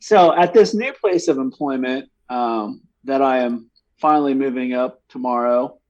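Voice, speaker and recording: A man's voice: mid-range voice, moderate pace, darkish tone, dull audio. A man co-hosting a podcast, telling a story in casual chat with frequent laughs. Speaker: podcast co-host.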